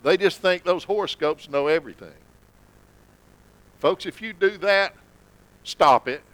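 A man preaching a sermon in church, folksy and conversational, sometimes dropping to a low hush for emphasis. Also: lively intonation, measured pace, no room sound, low-quality recording. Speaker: pastor.

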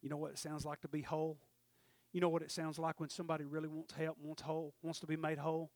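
A man preaching a sermon in a church, swinging from hushed asides to shouted, drawn-out lines. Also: fairly high pitch, steady tone, no echo. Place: church sanctuary.

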